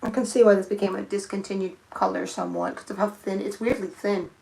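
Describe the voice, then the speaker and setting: A woman's voice: medium pitch, fairly even intonation, fast, gravelly, a little mellow, poor audio. A young woman chatting casually on a live stream as she paints her nails, thinking aloud and muttering to herself. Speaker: nail art streamer.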